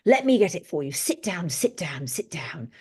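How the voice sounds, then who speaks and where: Woman putting on a deep, hushed, charming older gent, coaxing and hospitable, soft delivery. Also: very animated, a little fast, slightly rough. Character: charming older man offering tea, deep-voiced.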